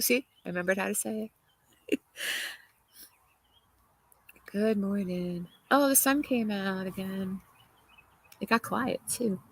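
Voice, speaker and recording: A woman's voice: medium pitch, slow, creaky, long pauses, dry recording, low-quality recording. A woman hosting a casual livestream, talking through viewer comments in an opinionated, chatty way and laughing often. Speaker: livestream host. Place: outdoors in a garden.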